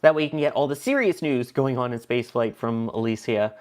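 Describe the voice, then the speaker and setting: A man's voice: medium pitch, a little fast, a little mellow. A man co-hosting a livestream, chatty and punning, reading viewer messages aloud. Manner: chatty, punning, laughs often. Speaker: co-host.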